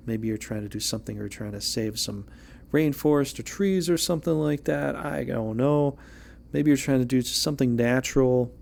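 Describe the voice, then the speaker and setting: A man's voice: medium pitch, moderate pace, vocal fry, a little mellow. A man giving a casual, rambling tarot reading as an amateur reader, joking and restarting his sentences as he goes.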